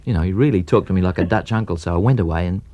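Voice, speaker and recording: A man with an Australian accent telling anecdotes in an old radio interview, lively and full of mimicry. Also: low voice, racing, muffled recording. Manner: lively storyteller mimicking other voices. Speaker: interviewed recording artist.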